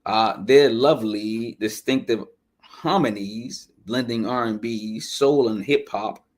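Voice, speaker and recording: A man hosting a podcast, chatting loosely through an album review with shout-outs and asides, his nose running. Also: fairly low pitch, slow pace. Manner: loose and chatty, full of shout-outs and asides, often saying "you know what I'm saying". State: runny nose. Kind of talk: casual music review chat.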